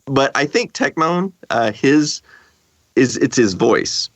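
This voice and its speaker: A man from Texas, talking as a guest on a podcast roundtable in a halting, hesitant way, full of fillers. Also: mid-range voice, animated, no room sound. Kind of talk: casual roundtable chat.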